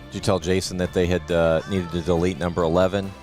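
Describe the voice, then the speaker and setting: Very low-voiced man hosting casually. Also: fast talker, faint music behind. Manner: relaxed, joking, with fillers. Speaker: host of live archery coverage. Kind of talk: casual chat.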